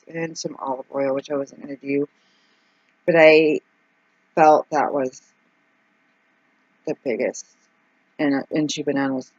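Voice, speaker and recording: A woman vlogging casually as she works through her budget out loud, anxious and rambling, with frequent ums and exclamations. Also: deep voice, no echo, highs cut off. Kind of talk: casual vlog, thinking aloud over budget.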